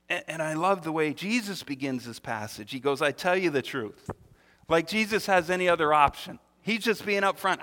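A man preaching in a church, his voice high and bright with a forward edge. He talks in an animated way, stumbles and repeats words, and acts out the people he quotes. A long hall reverb trails after his phrases. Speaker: pastor. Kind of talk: sermon.

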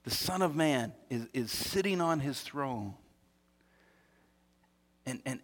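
A man preaching a sermon, animated, often repeating his words and acting out the quotes he tells. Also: mid-range voice, slow, long pauses, big-room sound. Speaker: pastor.

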